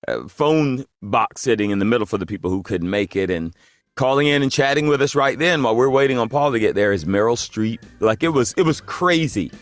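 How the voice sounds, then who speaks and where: Lively male voice actor telling a story. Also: medium pitch, brisk, dry recording, studio quality. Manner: lively storyteller, acts out the people he quotes. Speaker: voice actor guest. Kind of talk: casual anecdote storytelling.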